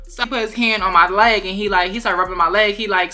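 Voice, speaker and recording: A young woman, telling a dating story in a casual vlog, profane, sassy and animated. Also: mid-range voice, fast, hardly any pauses, soft background music.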